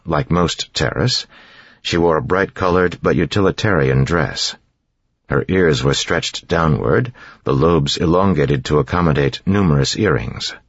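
A man narrates an audiobook in a very deep, husky voice. His reading is steady and even. The recording is dry and slightly muffled. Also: normal speed, dry recording.

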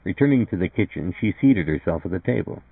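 Creaky low man reading a story. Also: lively intonation, no echo, phone-quality sound. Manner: measured, plain reading with voiced dialogue. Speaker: narrator. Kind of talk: audiobook reading.

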